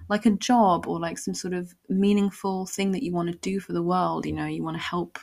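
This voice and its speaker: A woman's voice: fairly low pitch, steady tone, a little fast, vocal fry, a little mellow. A woman hosting a solo podcast, talking in a reflective, meandering way with many fillers and restarts. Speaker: podcast host. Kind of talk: casual solo podcast ramble.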